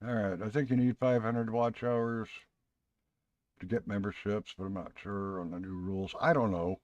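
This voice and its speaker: A man's voice: on the low side, steady tone, moderate pace, a little mellow, no room sound, muffled recording. A man hosting a live stream, talking in a rambling, folksy, chatty way. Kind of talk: casual live stream chat.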